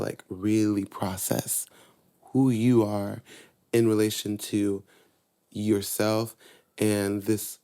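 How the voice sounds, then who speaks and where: A young man on a podcast as a guest, chatting casually and telling lively personal stories. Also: clean tone. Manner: animated storyteller, voices his younger self and mom in higher tones. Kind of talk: casual chat, storytelling.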